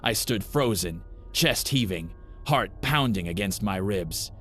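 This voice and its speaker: A man narrating a first-person horror story in a grim, measured way. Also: lowish voice, lively intonation, a bit bright, faint music behind.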